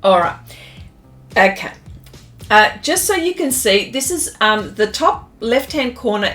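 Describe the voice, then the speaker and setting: Brief: Australian woman, high voice, unhurried, bubbly live-stream host, faint music underneath. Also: fairly bright tone. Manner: bubbly, giggly greetings, chatty with many fillers. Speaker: artist hosting a live stream. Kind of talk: casual live-stream chat.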